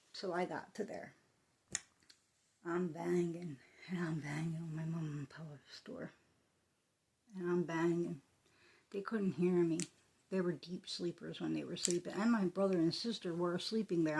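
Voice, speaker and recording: A woman telling a personal story in a soft, halting, emotional way, often dropping into a breathy whisper. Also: fairly low pitch. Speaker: vlogger.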